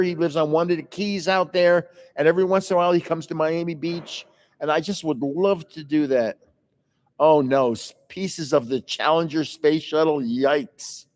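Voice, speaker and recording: A man's voice: on the high side, moderate pace, darkish tone, big-room sound. An older man hosting a casual livestream, telling rambling stories in a chatty, meandering way, indoors. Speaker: livestream host. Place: indoors, in a building with another floor.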